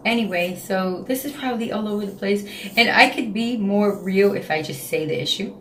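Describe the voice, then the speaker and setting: Talking quickly with few pauses, this New York-accented woman in her late thirties shares her feelings openly in a casual vlog filmed inside her home. Her pitch is medium, and she tends to say the same phrases again and again. The room echoes and there's a faint hiss or hum.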